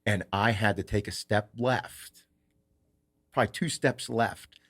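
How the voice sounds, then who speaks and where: A man with a slightly low voice tells a story to his podcast co-host. He talks casually and with animation, and he swears constantly. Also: unhurried, fairly bright tone.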